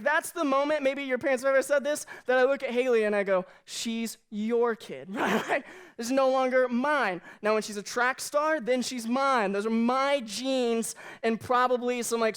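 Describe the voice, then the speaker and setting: A young adult man and youth pastor preaching a humorous youth sermon, telling animated stories and acting out the voices of the people in them. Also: very high voice, moderate pace, clean tone. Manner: animated storytelling, acts out quoted voices.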